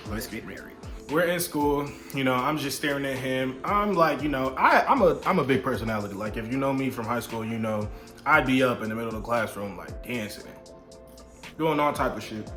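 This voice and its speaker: A man's voice: mid-range voice, fairly quick, fairly bright tone. A young man vlogging a casual storytime while eating, talking loosely with slang, swearing and playful asides. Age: young adult. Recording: echoey room with music behind.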